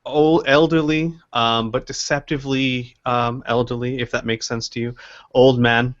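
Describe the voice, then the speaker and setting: A man's voice: medium pitch, flat delivery, normal speed, highs cut off. A man narrating a tabletop game as game master, hesitant and rambling with many restarts.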